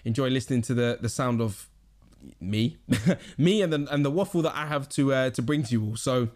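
A man's voice: medium pitch, brisk, darkish tone. A young man with a southern English accent hosting his own podcast in a rambling, casual chat full of slang and restarts. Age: young adult. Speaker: podcast host.

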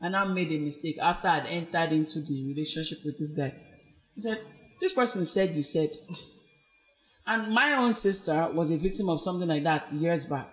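A woman, appearing as a podcast guest, tells her own story in conversation, earnestly and reflectively, at a fairly quick pace. She's animated, acting out others' quoted voices with big, expressive pitch swings.

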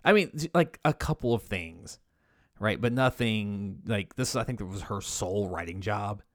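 Low-voiced man co-hosting a podcast. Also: lively intonation, normal speed, no room sound, studio quality. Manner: laid-back, swears, reads out credits. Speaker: podcast co-host. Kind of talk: casual podcast chat.

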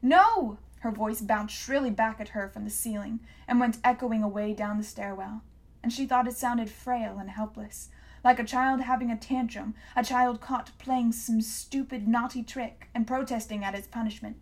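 A woman narrating an audiobook in a measured, hushed reading voice. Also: on the high side, steady tone. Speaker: audiobook reader. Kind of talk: scripted narration.

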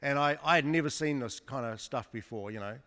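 A man's voice: medium pitch, a little fast, pushed and bright. Chatty joking man preaching in a church. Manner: chatty, joking, with many restarts. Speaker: guest preacher. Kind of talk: storytelling sermon testimony. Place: church service before a congregation. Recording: long church hall reverb.

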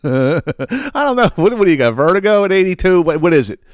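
A man's voice: high-pitched, clear, resonant tone. A man hosting a podcast, ranting casually with lots of swearing and mocking laughter. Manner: profane, mocking, animated with laughs. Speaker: podcast host.

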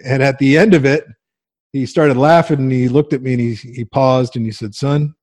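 Forties male guest, animated storyteller, mid pitch, close and dry. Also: a little fast, no echo. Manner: lively storyteller, acts out quoted voices, laughs often. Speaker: guest, coach and agency owner.

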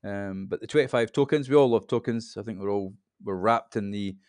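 A man in his fifties, a podcast guest, explaining things in a relaxed, rambling casual chat. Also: fairly low pitch, a little fast, no echo. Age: 50s.

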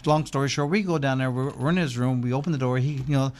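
A man's voice: medium pitch, quick pace, darkish tone. A former boxer telling a long rambling story as an interview guest, acting out the voices of the people he quotes.

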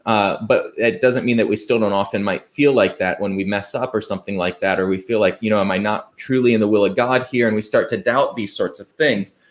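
A man delivers a sermon in a slightly low voice. He speaks earnestly, in a conversational way, asking his listeners rhetorical questions and quoting scripture. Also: fairly even intonation, brisk, hardly any pauses. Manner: conversational, with fillers and restarts. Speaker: preacher.

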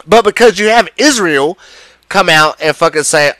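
A man delivers an angry political rant, heavy with profanity and sarcasm. His voice sits somewhat high and swings widely as he gets worked up. The sound is dry and close. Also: animated, moderate pace, sharp tone, dry recording.

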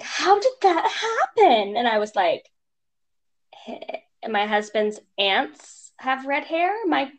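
A young woman co-hosting a casual podcast, telling stories in an animated way and mimicking strangers' voices. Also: a little high. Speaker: podcast co-host. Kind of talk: casual chat.

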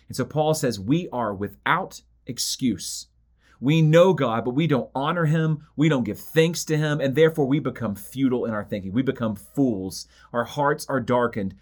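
A man teaching through a book of the Bible, reading scripture aloud and stressing points by repeating phrases and slowing down. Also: mid-range voice.

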